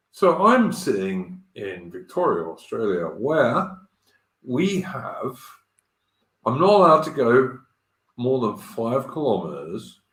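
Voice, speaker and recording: A man's voice: lowish voice, a bit bright, echoey room, rough recording. A man hosting a live stream in casual chat, talking bluntly and crudely and swearing freely. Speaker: stream host. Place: home in Australia.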